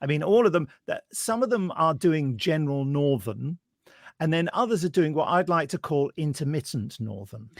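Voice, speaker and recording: A man's voice: fairly high pitch, moderate pace, creaky, no echo, clean studio sound. A British man co-hosting a podcast, talking casually and with animation. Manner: chatty, animated, laughs while talking. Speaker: podcast co-host. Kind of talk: casual chat.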